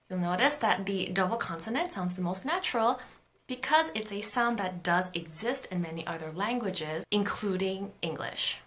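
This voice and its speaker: A woman with a bright, forceful tone gives a pronunciation lesson. She explains each point clearly and patiently and stops to sound out example syllables. Her pitch sits in a middle range. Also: lively intonation, normal speed. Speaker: Korean language teacher.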